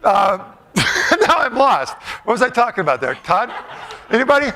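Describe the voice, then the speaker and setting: A man's voice: very high voice, very animated, moderate pace, bright, forceful tone, a little hiss or hum. A man giving a playful, jokey motivational talk, quizzing a live audience in a large room. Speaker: motivational speaker.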